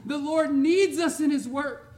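A man preaching a sermon to his church, fervent and emphatic, swinging from loud to quiet and chuckling between points. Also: extremely high pitch, a little slow. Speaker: pastor.

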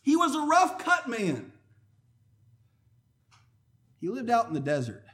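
High-voiced man preaching a sermon. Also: wildly swooping pitch, takes it slowly. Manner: emphatic, swinging from loud declarations to low quiet asides; conversational, personal storytelling.

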